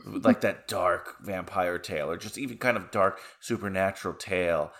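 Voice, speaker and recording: A man's voice: low voice, normal speed, fairly bright tone. A man chatting about a film in a casual podcast, laid-back and enthusiastic.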